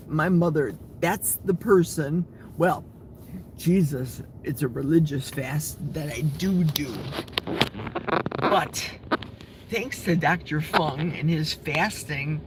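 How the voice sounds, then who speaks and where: A man's voice: sits high, a little hiss or hum. A man in his sixties from Wisconsin, hosting a live chat and reading viewer comments aloud. He talks straight to his viewers and laughs often. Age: 60s. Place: outdoors in a forest.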